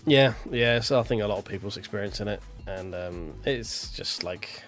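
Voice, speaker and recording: Man, blunt sweary rant, low-ish voice, faint music behind. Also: normal speed. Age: millennial. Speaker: sim racing streamer. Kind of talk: casual ranting chat.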